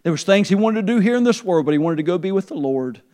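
A man preaching a sermon to his church, his voice sitting a little high for a man. He builds to a near shout when quoting scripture and sinks to a soft, low tone as he leads the congregation in prayer. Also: lively intonation, quick pace. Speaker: pastor. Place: church sanctuary.

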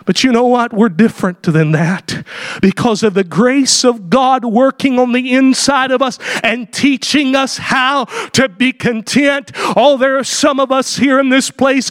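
High-voiced preacher man, often shouting. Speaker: pastor. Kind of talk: sermon.

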